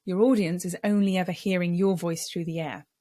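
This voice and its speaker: Measured woman voice coach, low voice. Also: fairly even intonation, mellow, no room sound. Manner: clear, measured explanations with vocal demonstrations. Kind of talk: speaking tips lesson.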